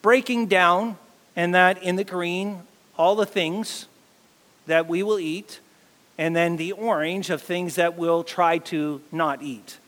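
A man preaching a sermon as pastor, animated and acting out quotes to his congregation. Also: high voice, slow pace, long reverb tail.

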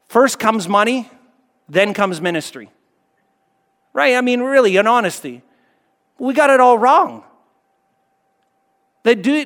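A pastor preaching a sermon in an emphatic, repetitive cadence, swelling up and then dropping soft. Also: male voice, high-pitched, in a large hall.

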